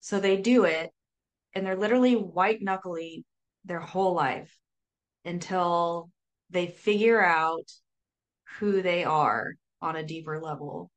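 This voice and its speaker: A woman talking casually as a sober coach guest, lively, full of fillers and acted-out quotes. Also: fairly low pitch, takes it slowly. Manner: animated, says "like" often, acts out quotes. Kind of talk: casual interview talk.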